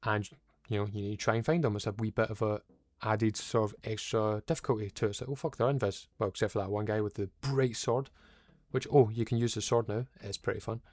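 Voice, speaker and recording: A man's voice: lowish voice, steady tone, fairly quick, darkish tone, no room sound. A young man giving a casual, rambling, opinionated video game review and swearing now and then.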